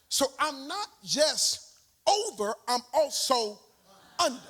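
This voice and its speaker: A man preaching a sermon in a church with a hoarse voice, talking with the congregation and breaking into sung, shouted phrases. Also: extremely high pitch, sing-song, slow. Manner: call-and-response preaching, sings and shouts phrases. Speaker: guest preacher. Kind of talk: energetic sermon. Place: church sanctuary.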